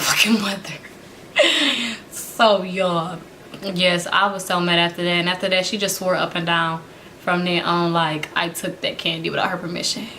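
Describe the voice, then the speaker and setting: A woman's voice: lowish voice, a little hiss or hum. Young woman telling a laughing storytime. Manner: animated, laughs often, addresses viewers as y'all. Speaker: vlogger. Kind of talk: casual storytime.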